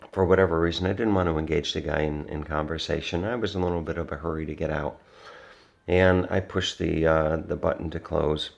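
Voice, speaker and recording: A man with a very deep voice talks casually to the camera, winding through a story with plenty of pauses and "uh"s. His tone is gravelly and low, and he comes across as earnest and reflective. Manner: rambling, many restarts and fillers. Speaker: vlogger.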